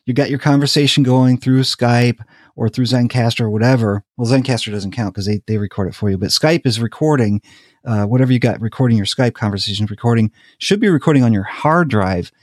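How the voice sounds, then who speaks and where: A man, a podcast host, telling lively stories in casual chat and laughing often. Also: medium pitch, a little fast, dry recording, studio quality. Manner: animated storyteller, laughs often.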